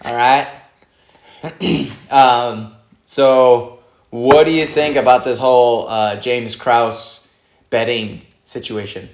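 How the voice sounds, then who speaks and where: A relaxed man of ordinary pitch chats with a friend, laughing easily and cursing casually. The room adds a clear echo to his voice. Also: takes it slowly. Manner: laid-back, laughs often, profane. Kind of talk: casual chat while watching fights. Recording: roomy echo.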